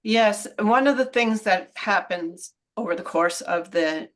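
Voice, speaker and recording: A woman author talking through her research in a relaxed video-call interview, thoughtful and explanatory, often trailing off mid-sentence. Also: mid-range voice, measured pace. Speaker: author and guest.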